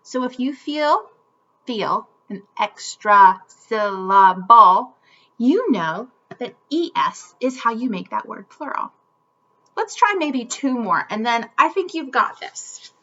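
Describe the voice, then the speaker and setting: A woman teaching a children's phonics lesson, speaking upbeat and clearly enunciated, in a slightly muffled home video recording. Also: fairly high pitch, sing-song, slow pace, pushed and bright.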